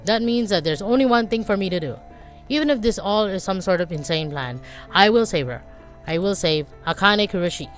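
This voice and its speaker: Young male hero, game figure, urgent, reassuring, animated pitch, voiced by a woman. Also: brisk, soft background music, natural voice. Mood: determined. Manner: urgent, reassuring, shouting names.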